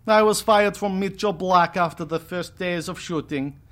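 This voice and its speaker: A man's voice: high-pitched, moderate pace. A man doing a pompous male accent coach. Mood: boastful. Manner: pompous, deadpan boasting.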